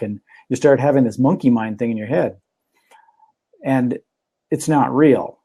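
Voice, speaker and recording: Mellow-voiced Minnesotan man. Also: medium pitch, normal speed, husky. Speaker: show host. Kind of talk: casual video-call chat. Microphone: earbud headset.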